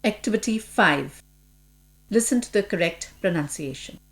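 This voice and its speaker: A woman's voice: mid-range voice, lively intonation, normal speed. A woman formally announcing course units and activity titles in a scripted educational recording. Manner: formal, crisp section announcements. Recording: faint mains hum.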